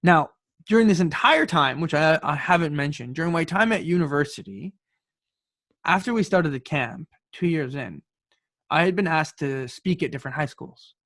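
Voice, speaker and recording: Lively Canadian man telling his story. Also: on the high side, moderate pace, no echo. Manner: animated, repeats words when starting sentences. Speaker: podcast guest, youth speaker. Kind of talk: storytelling in conversation.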